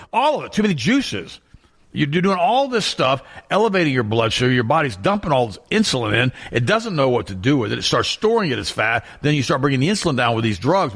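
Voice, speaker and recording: A man's voice: medium pitch, a bit bright, breathy edge. A man hosting a talk show, ranting emphatically about diet and repeating words to drive points home.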